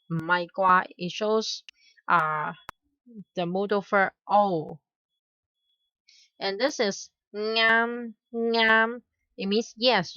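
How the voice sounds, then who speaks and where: A woman's voice: mid-range voice, a bit bright, no room sound, lo-fi sound. A woman with a Hong Kong Cantonese accent, a native Cantonese speaker, giving a language lesson and repeating each word twice in a careful, patient way. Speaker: language teacher. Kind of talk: slow spoken language lesson.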